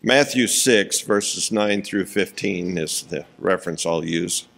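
A man preaching a sermon, reading scripture slowly and deliberately, pausing for emphasis and chuckling between points. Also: low voice, creaky, a bit bright.

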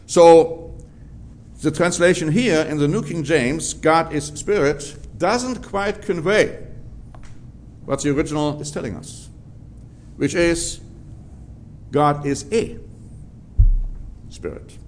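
A man preaching a Bible-teaching sermon in a measured, emphatic way, drawing out key words for stress. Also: on the high side, a little mellow, a little hiss or hum.

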